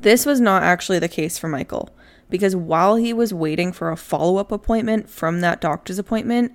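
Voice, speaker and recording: Young woman, low-ish voice, laid-back true crime storyteller, chatty. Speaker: podcast co-host narrating a true crime case. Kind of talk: casual chat, telling a story.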